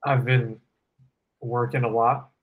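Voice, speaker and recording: A man in his twenties co-hosting a podcast, talking in a relaxed, slangy, profane way over a video call. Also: mid-range voice, slow, narrow, tinny audio. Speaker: podcast co-host. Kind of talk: casual chat. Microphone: headphones on a video call.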